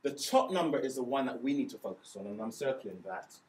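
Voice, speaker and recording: A man's voice: mid-range voice, expressive, brisk, darkish tone, slight background noise. Patient man teaching, echoey room. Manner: patient, counts beats aloud, frequent "okay?" checks. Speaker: music teacher. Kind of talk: explaining hymn music theory step by step. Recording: echoey room, voice a bit far from mic, faint ambience.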